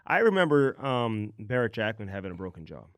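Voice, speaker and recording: A man's voice: on the low side, big pitch swings, a little fast, a bit bright, smooth, no echo. A man co-hosting a sports podcast, telling rambling anecdotes full of fillers. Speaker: podcast co-host. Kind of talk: casual sports chat.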